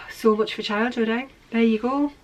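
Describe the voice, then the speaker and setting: A middle-aged woman with a slightly high voice hosts a knitting podcast. She chats in a rambling, self-deprecating way, holding pieces up to the camera as she goes. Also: fairly even intonation, a little slow, slight background noise. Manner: shows knitting to the camera while talking. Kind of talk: casual chat.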